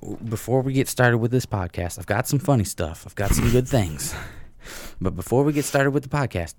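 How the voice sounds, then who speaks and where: A man's voice: medium pitch, expressive, a little fast, a little mellow, slight background noise. A young adult man co-hosting a casual comedy podcast, telling stories in a profane, ranting way and laughing between lines. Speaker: podcast co-host. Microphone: close podcast mic.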